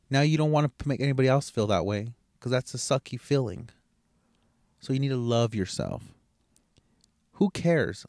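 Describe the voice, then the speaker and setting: A man's voice: mid-range voice, a little mellow, dry recording, clean studio sound. A middle-aged man hosting a podcast alone, talking in a rambling, blunt, profane motivational way. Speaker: podcast host. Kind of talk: casual motivational monologue.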